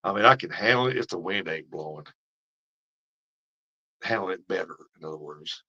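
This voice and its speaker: Speaking at a moderate pace with lively intonation, this fishing vlogger has a low, husky voice with a sharp tone. The middle-aged man spins folksy yarns for his live viewers and laughs a lot. The stream audio is dull and lo-fi.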